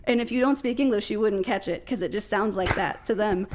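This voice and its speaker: A woman's voice: mid-range voice, a little fast, a little hiss or hum. Midwestern American woman, podcast guest, chatty storyteller who laughs a lot. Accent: American Midwest (Ohio). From Ohio, USA. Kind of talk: casual chat.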